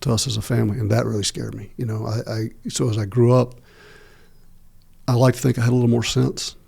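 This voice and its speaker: Man, middle-aged, gravelly and mellow, flat delivery, halting storyteller with lots of ums. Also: medium pitch. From United States. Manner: slow, halting, many fillers and restarts. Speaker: podcast guest. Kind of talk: long-form interview storytelling.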